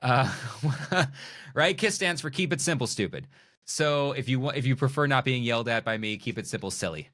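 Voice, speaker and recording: A middle-aged man, a magician and speaker, talking as a podcast guest in a playful, animated way that acts out little scenes of dialogue. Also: mid-range voice, normal speed. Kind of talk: animated conversational interview.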